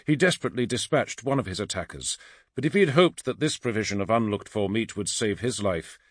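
A man reads dark fantasy aloud in a low, dramatic, measured voice. His pitch moves a lot across the lines, and the recording is dry and close. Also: dry recording. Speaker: narrator. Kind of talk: audiobook fantasy narration.

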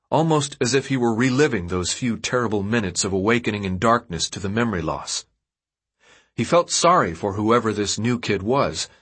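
A man reading an audiobook as narrator, in steady, even storytelling. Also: lowish voice, breathy edge. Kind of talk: scripted narration.

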